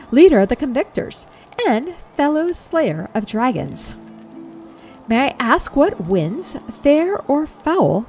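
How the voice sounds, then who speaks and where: A woman's voice: a little high, darkish tone, pitched above the performer's own voice. A woman voicing a proud male knight leader in a fantasy game who speaks in formal, old-fashioned phrasing. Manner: archaic courtly speech, dramatic exclamations.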